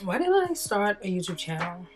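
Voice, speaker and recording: A woman's voice: medium pitch, very animated, normal speed, soft background music. A woman chatting casually as she walks through her makeup routine, rambling, self-deprecating, full of fillers. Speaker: beauty vlogger. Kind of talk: casual makeup tutorial chat.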